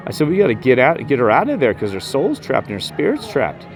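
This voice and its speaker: A man vlogging a rambling personal story about spirits, emphatic and jumping up in pitch when he quotes himself. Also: huge pitch swings, fast, soft background music. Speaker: paranormal vlogger.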